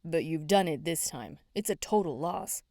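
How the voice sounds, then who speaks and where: A woman's voice: low-pitched, lively intonation, normal speed, darkish tone, no echo, studio quality. A woman voicing a teasing, easygoing young male police officer in an audiobook.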